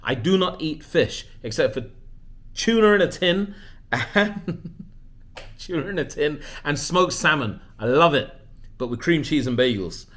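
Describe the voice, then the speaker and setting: A man, talking casually to camera and telling an animated, self-mocking story. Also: fairly high pitch, normal speed. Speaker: vlogger. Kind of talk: casual vlog monologue.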